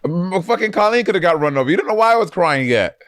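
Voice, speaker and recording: A man's voice: high voice, animated, fast, no echo, clean studio sound. A man co-hosting a podcast in casual chat, sassy and emphatic, swearing freely. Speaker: podcast co-host.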